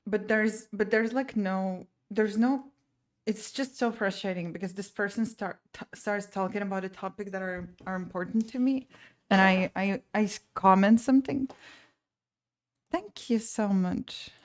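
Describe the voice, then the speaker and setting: A woman's voice: mid-range voice, fairly even intonation, a little slow. A woman streamer and painter chatting casually and venting with frustration, full of restarts and trailing thoughts. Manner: rambling and exasperated, many restarts. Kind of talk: casual live-stream chat.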